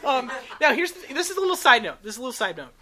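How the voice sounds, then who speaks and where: A woman's voice: high voice, sing-song, very fast, bright, forceful tone. A young woman co-hosting a casual podcast, chatty and rambling with lots of fillers, into a studio microphone. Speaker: podcast co-host.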